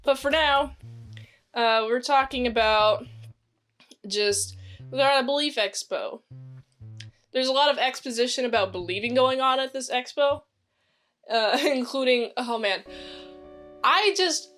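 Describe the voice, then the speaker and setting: Chatty woman recapping a show, higher voice. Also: a little slow, pauses often, fairly bright tone, soft background music. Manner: chatty, rambling, acts out characters' lines. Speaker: series reviewer. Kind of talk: casual recap monologue.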